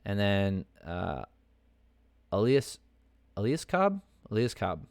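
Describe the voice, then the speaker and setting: A man's voice: fairly low pitch, big pitch swings, slow pace, creaky, darkish tone, no room sound. A man hosting a podcast, giving casual, opinionated fight commentary that rambles with many fillers and restarts. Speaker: podcast host.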